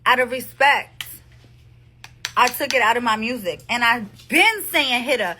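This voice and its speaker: A woman in her thirties with a New Jersey accent talks into her phone on a livestream. Her voice is bright and fairly high, and she is blunt, emphatic and profane, hammering the same points again and again. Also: expressive, normal speed, slight background noise. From New Jersey, USA. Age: 30s. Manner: emphatic, repetitive, defensive, profane. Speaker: live streamer addressing followers. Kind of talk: casual livestream monologue.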